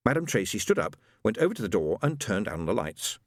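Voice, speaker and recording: A man narrating an audiobook in an expressive, wry way. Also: fairly low pitch, brisk, hardly any pauses, no room sound, clean studio sound. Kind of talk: scripted narration.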